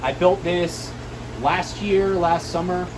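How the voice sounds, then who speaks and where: A man in casual chat, showing off his fish tanks, explaining in a relaxed way with fillers. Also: high voice, takes it slowly, noisy background. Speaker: guest showing his home aquarium.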